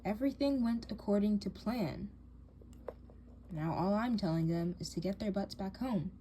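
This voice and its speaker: A woman's voice: mid-range voice, animated, normal speed, mellow, natural voice. A woman voicing a bossy, scheming teen girl in a doll drama, cold and taunting, with faint hiss behind her.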